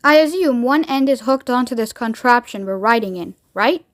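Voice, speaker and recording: A woman's voice: a little high, animated, normal speed, lightly acted. A woman voicing a suspicious, grumpy old grandmother who complains in a querulous voice.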